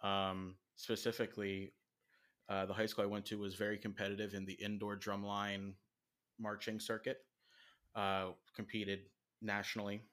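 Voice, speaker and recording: A man talks as a podcast guest, his voice low and flat in pitch. He speaks in a measured, hesitant way. The tone stays casual and even. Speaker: guest, former drumline member. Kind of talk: casual conversation.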